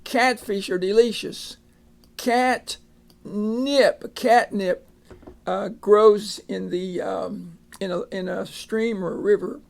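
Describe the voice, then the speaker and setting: A man leads a phonics lesson at an unhurried pace, patiently saying each word and then saying it again. His voice has a gravelly, creaky edge. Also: sits high, steady tone, darkish tone. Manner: patient, sounds out words and repeats them. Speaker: reading teacher.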